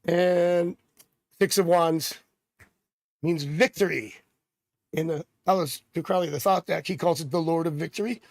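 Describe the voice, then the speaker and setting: A man's voice: on the high side, steady tone, measured pace, long pauses, a little mellow, no room sound, clean studio sound. A middle-aged man hosting a live tarot stream, chatting casually and drifting off into rambling personal stories. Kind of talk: casual livestream chat.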